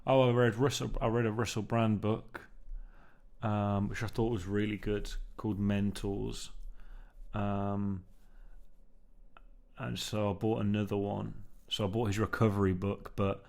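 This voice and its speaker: Rambling low-voiced male vlogger. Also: little pitch movement, a little slow, gravelly, darkish tone. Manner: meandering, filler-heavy, keeps saying "man". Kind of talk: casual rambling monologue. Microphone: newly bought mic, under test.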